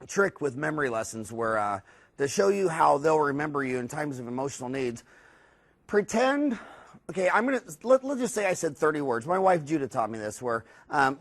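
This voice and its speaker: A man, a dentist, giving a recorded lecture in a rambling, animated storytelling way, with many fillers and restarts. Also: on the high side. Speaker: dentist teaching a course.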